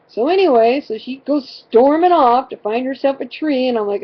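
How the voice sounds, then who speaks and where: Rambling, exasperated mom telling a story. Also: female voice, high voice, lively intonation, moderate pace, highs cut off. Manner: rambling, fills with constant "you know"; dramatic, exasperated retelling. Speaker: mother telling a family story. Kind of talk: casual personal storytelling.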